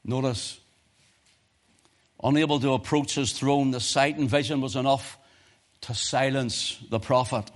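A man preaching a sermon, swinging from quiet, urgent asides to impassioned cries, quoting scripture in old-fashioned wording. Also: medium pitch, fairly even intonation, measured pace, pauses often. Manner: archaic scripture quotations in King James wording.

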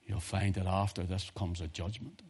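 A man preaching a sermon, telling a personal story in a hushed voice and then rising to loud preaching. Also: low voice, normal speed, slight background noise.

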